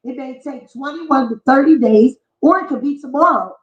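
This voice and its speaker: Ranting woman vlogger, high voice, cursing and mocking, echoey lo-fi room. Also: normal speed. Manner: profane, heated, mocking rant. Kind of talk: ranting commentary vlog. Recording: echoey, dull lo-fi room sound.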